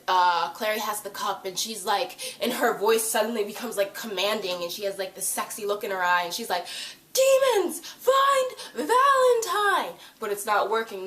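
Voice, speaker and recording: Chatty woman recapping a show, roomy echo. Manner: chatty and animated, acts out quotes in loud high voices. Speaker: TV episode reviewer. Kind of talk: casual episode recap vlog.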